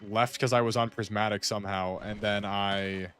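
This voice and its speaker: A gaming streamer with a fairly low, slightly bright voice keeps his intonation fairly even and his pace moderate, soft music behind him. While playing he chats casually, rambling and musing to friends with frequent "like."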